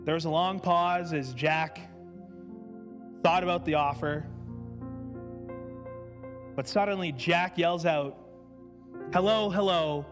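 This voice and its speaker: A man's voice: a little high, slow, pauses often. A man preaching a sermon in a church in a casual, conversational way, repeating himself for emphasis. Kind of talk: sermon with storytelling. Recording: reverberant hall with faint music.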